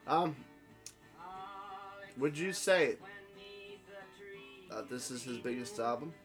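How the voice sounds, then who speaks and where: A man's voice: mid-range voice, slow, a bit bright. A young man co-hosting a podcast in laid-back, profane, agreeable chat. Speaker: podcast co-host. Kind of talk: casual chat. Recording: music playing behind.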